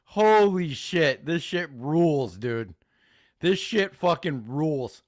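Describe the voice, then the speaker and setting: A man hosting a live reaction stream, talking in an excitable, profane, mock-enthusiastic way. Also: fairly high pitch, slow pace, a little hiss or hum. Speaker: host reacting to videos.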